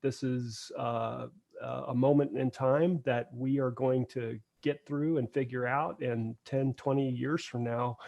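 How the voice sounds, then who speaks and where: Brief: male interviewer, halting and searching for words, mid pitch. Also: fairly even intonation, gravelly, darkish tone, dull audio. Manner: halting, many fillers and restarts. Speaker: podcast host. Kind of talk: podcast interview questions.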